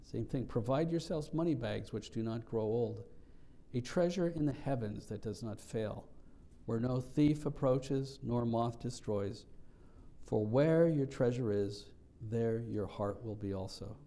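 A man's voice: mid-range voice, measured pace, dark tone. A man pastor preaching a sermon, earnest and reflective, explaining scripture with frequent restarts.

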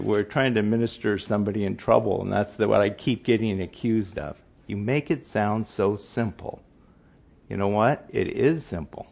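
A man's voice: medium pitch, vocal fry. An older man giving an informal Bible teaching, repeating his points for emphasis and often restarting his sentences.

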